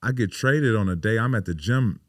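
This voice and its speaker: A pro basketball player in his thirties guests on a podcast, telling stories casually and emphatically with lots of swearing and "you know" fillers. His lowish voice has lively intonation at normal speed, in clean studio sound with no room sound.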